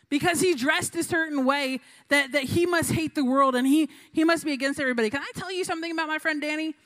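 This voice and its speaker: A woman's voice: high voice, fairly bright tone. A young woman giving a casual storytelling sermon as a youth pastor, chatty, full of fillers, acting out voices in her stories.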